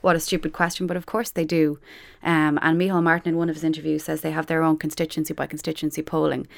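A woman's voice: deep voice, flat delivery, gravelly. A woman journalist chatting wryly on a radio panel about politics. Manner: brisk, chatty, wry.

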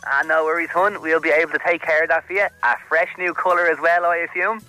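A man's voice: on the high side, level tone, fast, sharp tone, soft background music, rough recording. A man playing a chatty, cheeky salon receptionist who calls the caller love and hun.

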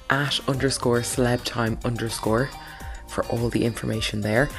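A woman with an Irish accent hosting a podcast interview, chatty and quick to laugh. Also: rumbling low. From Ireland. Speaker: podcast host. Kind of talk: casual interview chat. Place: home, at night.

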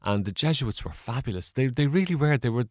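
A man's voice: mid-range voice, lively intonation, a little fast, a little mellow, no echo, clean studio sound. An Irish man, a guest in an interview, telling stories in a chatty, rambling way with fillers and laughs. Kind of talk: casual storytelling interview.

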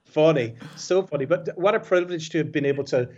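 A man's voice: fairly high pitch, fast talker, a little mellow. A man with a Belfast accent, a musician calling in to a radio show, telling anecdotes in a chatty way with restarts. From West Belfast, Northern Ireland. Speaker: musician guest on the phone. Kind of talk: storytelling radio phone-in. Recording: muffled phone line.

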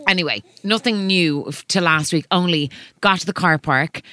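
A woman's voice: fairly low pitch, moderate pace, fairly bright tone, no room sound. A woman in her thirties with an Irish accent, co-hosting a podcast in casual chat and telling a story while stopping and restarting herself. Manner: chatty, self-interrupting storyteller. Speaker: podcast co-host. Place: radio studio.

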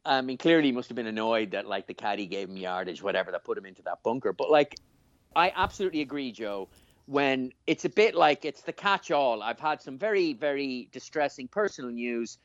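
A man co-hosting a podcast in casual chat, talking by himself in a room, animated and rambling with lots of fillers and restarts. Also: medium pitch, fairly quick, dry recording. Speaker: podcast co-host. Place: room on his own. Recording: slightly dull, dry lo-fi sound.

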